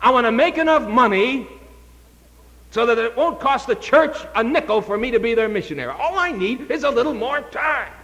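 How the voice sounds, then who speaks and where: A man's voice: extremely high pitch, animated, normal speed, pushed and bright, long reverb tail, pitched above the performer's own voice, heavily acted. A preacher voicing an eager young man who stammers out excuses as an insurance salesman.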